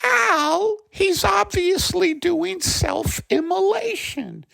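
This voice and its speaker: A hoarse man doing a fretful gravelly housewife. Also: extremely high pitch, drawn-out words, dry recording, full character voice. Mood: chiding, chatty. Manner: lively, nagging, talks over her husband. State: hoarse from bronchitis. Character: fretful chatty middle-aged housewife. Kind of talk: comedy sketch character voice.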